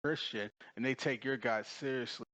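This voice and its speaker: A man's voice: medium pitch, moderate pace, a bit bright. Stammering man pushing back. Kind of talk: argumentative podcast talk.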